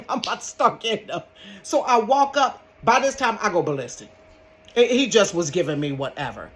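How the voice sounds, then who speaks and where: An older woman, telling a story in a dramatic, animated way and calling her viewers honey and baby. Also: medium pitch, normal speed, slight background noise. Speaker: vlogger. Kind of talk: casual storytime. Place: bedroom.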